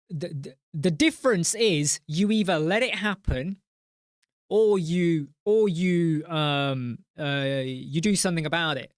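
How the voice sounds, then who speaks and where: A man's voice: fairly high pitch, clear, resonant tone, no echo, clean studio sound. Ranting man hosting a live chat. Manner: passionate, ranting, swears. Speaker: host.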